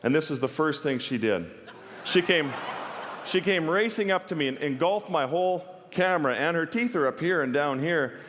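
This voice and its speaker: A man's voice: on the high side, lively intonation, normal speed, fairly bright tone. A man giving a stage talk, telling a personal story in an earnest, vivid way with wry humor. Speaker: wildlife photographer giving a talk. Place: stage in a large hall. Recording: long reverb of a large hall.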